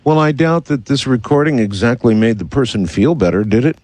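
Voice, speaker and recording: A man's voice: medium pitch, lively intonation, fairly quick, darkish tone, no room sound. A man hosting a radio interview, asking wry, skeptical questions with many hesitations. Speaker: radio host.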